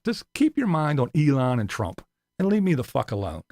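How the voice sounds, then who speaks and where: His pitch swoops wildly and he talks fairly fast in a darkish tone as this YouTuber rants angrily to viewers. Cursing often, he mocks critics with high-pitched impressions, in a studio-quality recording with no echo.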